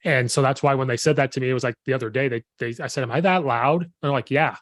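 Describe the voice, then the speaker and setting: Animated, slightly hoarse man host. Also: medium pitch, very fast, no room sound. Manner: animated storyteller, quotes himself, laughs often. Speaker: podcast host and football coach. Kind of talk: casual chat.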